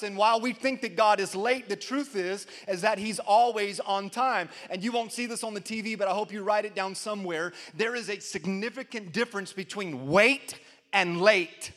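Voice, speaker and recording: A man preaching a sermon as pastor, leading the congregation in call-and-response and building to loud, emphatic peaks. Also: high-pitched, normal speed.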